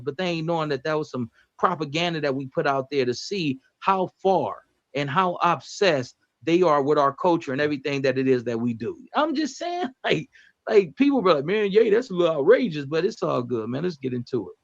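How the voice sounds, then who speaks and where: A man's voice: a little high, lively intonation, brisk, a bit bright, lo-fi sound. A man hosting a casual livestream, bluntly reading out viewer comments and talking back to chat in a profane, direct way.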